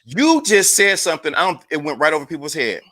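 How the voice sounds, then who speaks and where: Male stream host, high bright voice, hyped and emphatic. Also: very animated, fast. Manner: hyped, emphatic, repeats himself. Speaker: livestream host. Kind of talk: casual livestream chat.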